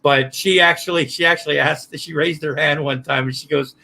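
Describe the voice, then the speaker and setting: Gravelly, bright-voiced man, profane storyteller. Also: on the high side, fairly even intonation, a little fast, poor audio. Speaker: guest. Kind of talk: casual podcast chat.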